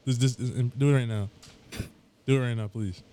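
A young man in casual podcast chat, animated and teasing, laughing often. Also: mid-range voice, brisk, clean tone. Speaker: podcast co-host.

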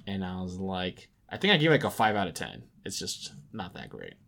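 A man's voice: sits low, wildly swooping pitch, fairly quick, creaky. Rambling casual man, filler-heavy gaming talk. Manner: announcer-style loud intros for segments. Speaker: podcast co-host. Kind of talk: casual gaming podcast chat.

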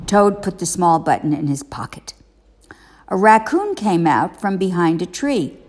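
A woman reading a children's storybook aloud as a parent, expressive and deliberate. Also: on the low side, long reverb tail.

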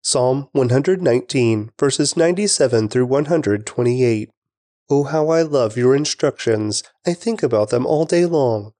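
Guy reading bible verses, mellow tone, dry close sound. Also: mid-range voice, animated, no echo. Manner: measured, reverent reading. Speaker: scripture reader. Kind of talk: steady scripture reading.

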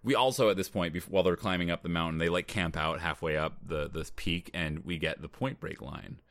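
A man's voice: deep voice, steady tone, a little fast, fairly bright tone, no echo, clean studio sound. A young man co-hosting a podcast, recapping a movie in casual chat with wry humor and frequent laughs. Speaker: podcast co-host.

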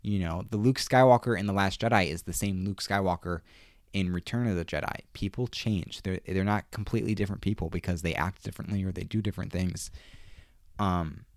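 A man giving a casual episode recap in an excitable, emphatic way, often repeating himself for stress. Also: low-pitched, brisk, no room sound, clean studio sound.

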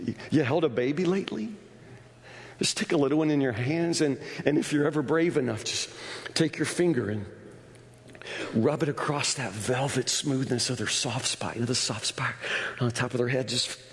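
Stammering pastor in a reverberant church. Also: male voice, medium pitch, moderate pace, pauses often. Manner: stammering restarts, building to shouts. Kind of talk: sermon. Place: church sanctuary. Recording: long hall reverb.

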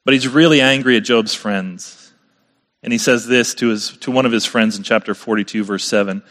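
A man's voice: medium pitch, normal speed, a bit bright, big-room sound. A man preaching a sermon in a conversational way, often turning to the congregation with rhetorical questions. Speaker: pastor.

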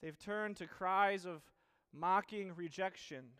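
A man preaching a sermon, earnest, asking the same questions again and again with pauses and restarts. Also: sits high, fairly bright tone, smooth.

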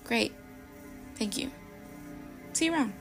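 A woman's voice: a little high, animated, a little slow, gravelly, fairly bright tone, faint music behind, heavily acted. A woman voicing a pushy young ex-boyfriend. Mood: offhand.

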